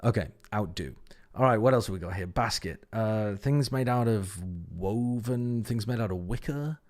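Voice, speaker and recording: A man's voice: fairly low pitch, moderate pace, darkish tone. A man hosting a casual livestream, thinking aloud as he works a word puzzle, repeating words under his breath and swearing casually. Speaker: stream host.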